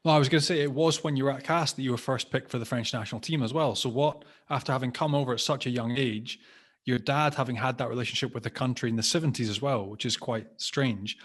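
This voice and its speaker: A man's voice: medium pitch, quick pace. A man co-hosting a rugby podcast, chatting enthusiastically and asking his guest questions. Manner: enthusiastic, conversational. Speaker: podcast co-host, former rugby player. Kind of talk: casual podcast chat.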